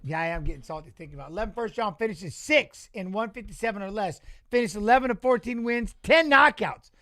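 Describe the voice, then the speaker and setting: High-voiced animated man, dry close sound. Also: quick pace, no echo. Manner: animated storytelling, swears casually. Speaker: watch-along host and former fighter. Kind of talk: casual chat reading live chat.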